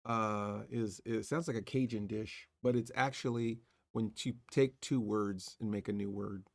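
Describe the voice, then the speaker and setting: A man's voice: on the low side, fairly even intonation, unhurried, no echo, studio quality. A man hosting a horror movie livestream, chatting casually and hunting for words. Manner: rambling, searching for words. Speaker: horror movie show host.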